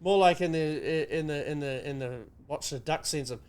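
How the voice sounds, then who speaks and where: A New man with a fairly high voice rants his way through casual podcast banter. He is sarcastic and swears a lot, and his indignation is played half for laughs. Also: normal speed, darkish tone, clear, resonant tone. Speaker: podcast co-host.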